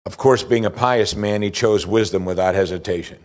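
A man preaching a sermon, reading scripture slowly and pressing his points with rising emphasis. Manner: earnest, rises in pitch for emphasis, slows for scripture reading.

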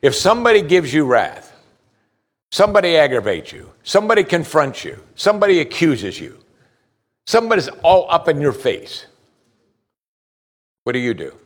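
A man's voice: a little high, big pitch swings, moderate pace, long pauses. A man preaching a sermon, talking in a conversational way, asking the listeners direct questions and often repeating a word as he starts a thought. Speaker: pastor.

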